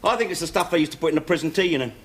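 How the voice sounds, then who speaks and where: A man's voice: fairly high pitch, expressive, very fast, close to an everyday voice. An actor in his forties playing a wry, mock-pompous ex-convict father with a London Cockney accent. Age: 40s. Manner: dry, mock-pompous, teasing. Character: wry middle-aged ex-convict Londoner, a dad. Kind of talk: 1970s sitcom acting. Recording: noisy old TV soundtrack.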